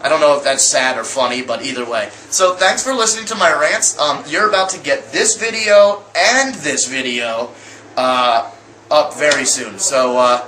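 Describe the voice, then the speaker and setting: A young man talks to his camera in a loose, rambling way, stumbling over fillers and restarting his sentences. His voice is bright and forward. The room around him echoes, with a faint hum of ambient noise underneath. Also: a little high, normal speed. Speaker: vlogger. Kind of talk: casual storytelling to camera.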